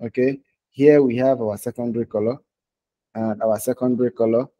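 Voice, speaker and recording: A man leads a live online design class in a loose, conversational way. His voice is mellow and warm and sits at a middle pitch. He talks his way through each step on screen and keeps asking his students "okay?" and "right?" as he goes. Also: fairly even intonation, brisk, dull audio. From Nigeria. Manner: casual, talks while clicking through screens, frequent "okay?" and "right?" check-ins. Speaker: design instructor.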